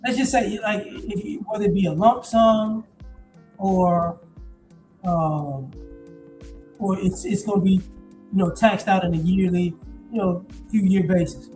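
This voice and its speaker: A man in his forties giving a blunt, profane, animated casual monologue. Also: sits high, a little slow, long pauses, faint music behind, rough recording. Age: 40s. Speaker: commentator.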